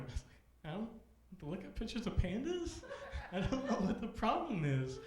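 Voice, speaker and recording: A man's voice: sits high, lively intonation, a little fast, a little mellow, a little hiss or hum. A young man hosting a live comedy show, telling a rambling, self-deprecating story between acts and acting out kids' voices on a handheld mic. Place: comedy club stage, live audience. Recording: roomy club echo.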